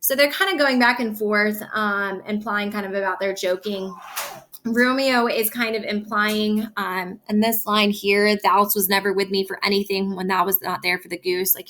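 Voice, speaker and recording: Bright-voiced woman explaining a play. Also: mid-range voice, steady tone, moderate pace, slight background noise. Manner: casual explaining with many fillers, reads the lines with more lift. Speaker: teacher. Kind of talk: reading a play aloud and explaining it.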